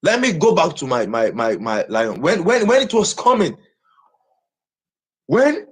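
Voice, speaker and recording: On a live stream, a man from Nigeria brags at a measured pace, saying the same things again and again. His voice sits on the high side, slightly rough, and swings hugely in pitch.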